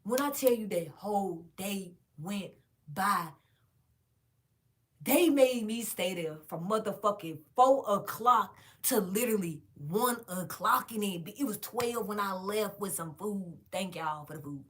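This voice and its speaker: A woman vlogger telling a casual storytime monologue straight to her viewers, animated and emphatic, with plenty of swearing. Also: medium pitch, unhurried. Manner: directly addresses viewers.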